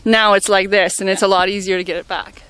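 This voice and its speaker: A woman representing a saddle maker, explaining products quickly and casually and laughing easily. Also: mid-range voice, fairly even intonation, fairly bright tone.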